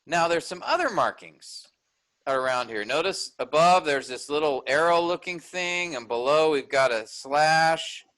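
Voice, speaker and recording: A man's voice: on the high side, animated, measured pace, a bit bright, low-quality recording. A man teaching an online workshop, explaining a text step by step and checking in with his listeners.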